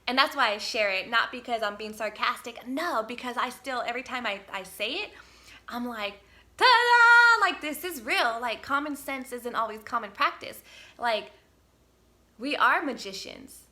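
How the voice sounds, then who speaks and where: A woman's voice: fairly high pitch, normal speed, sharp tone. A woman giving a casual spiritual vlog talk outdoors, upbeat and encouraging, rambling with many fillers and restarts. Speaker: spiritual healer and channel. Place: outdoors on a windy day.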